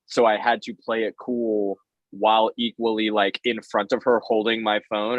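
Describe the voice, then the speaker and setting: A low-pitched man tells an animated, self-deprecating story in casual conversation. His voice comes across dull and dry, as if recorded close in a small space. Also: normal speed, dry recording. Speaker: tattoo artist guest.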